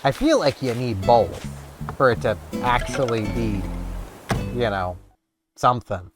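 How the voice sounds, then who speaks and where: A man's voice: medium pitch, a little slow. A man with a Canadian accent chatting casually and rambling while he plays a video game. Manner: rambling, chatty, self-mocking. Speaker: gaming vlogger. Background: game music.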